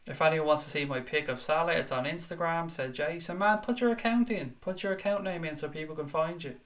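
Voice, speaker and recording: A man's voice: a little high, fairly quick, fairly bright tone. A young man hosting a live fan chat show, talking casually with viewers and reading their comments aloud in a blunt, sweary way. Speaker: livestream chat show host.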